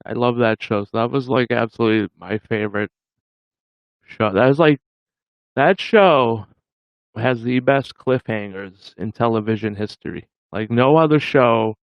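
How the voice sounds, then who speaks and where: A man's voice: medium pitch, measured pace, vocal fry, no room sound, highs cut off. A man hosting a livestream, chatting casually with viewers in a rambling way and chuckling often. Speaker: livestream host.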